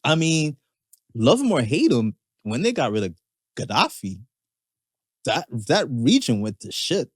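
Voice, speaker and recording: An easygoing man co-hosting a casual podcast, with a voice of middling pitch for a man. He chimes in with short agreements and sometimes lays out his view at more length. The sound is dry and close to the mic. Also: sing-song, a little slow, long pauses, dry recording. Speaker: podcast co-host. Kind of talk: casual chat.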